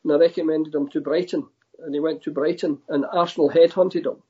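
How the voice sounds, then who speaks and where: Older Scottish man, husky and mellow. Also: fairly high pitch, brisk. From Scotland. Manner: relaxed storytelling, says "aye". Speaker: guest. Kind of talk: casual interview over a remote line. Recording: dull lo-fi line.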